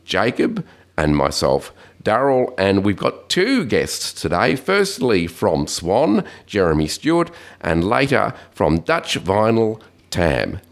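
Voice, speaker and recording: Deep-voiced aussie guy hosting a tech podcast, croaky from hay fever, up and down intonation. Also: wildly swooping pitch. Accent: Australian. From Australia. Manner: slow deliberate intro reading, rambling asides. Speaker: podcast host. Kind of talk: casual podcast chat.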